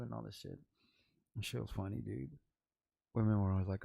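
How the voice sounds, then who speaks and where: A man's voice: on the low side, fairly even intonation, fast talker, creaky, long pauses, no room sound, narrow, tinny audio. A middle-aged man from Los Angeles hosting a vlog, telling rambling, slangy stories with restarts and quoted voices. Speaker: vlog host, rapper. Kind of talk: casual storytelling vlog.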